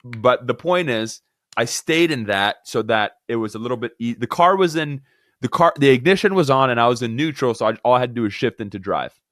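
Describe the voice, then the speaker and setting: A man's voice: medium pitch, fairly quick, no echo, clean studio sound. A man from Miami, an actor guest, telling anecdotes in a casual interview and acting out the dialogue. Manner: animated anecdotes, acts out dialogue.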